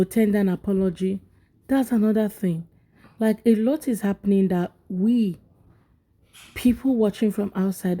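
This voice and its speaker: Mellow-voiced woman commenting earnestly. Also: mid-range voice. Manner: earnest, halting with fillers. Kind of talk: casual reaction commentary.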